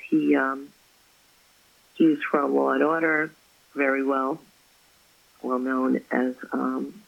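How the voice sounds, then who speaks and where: A woman, an author, chatting as an interview guest and telling stories about her faith with effusive warmth. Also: a bass voice, creaky, slightly rough, lo-fi sound. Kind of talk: casual interview chat.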